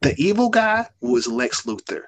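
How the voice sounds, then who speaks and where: A man hosting a casual podcast chat, animated and teasing his co-host. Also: high-pitched, normal speed.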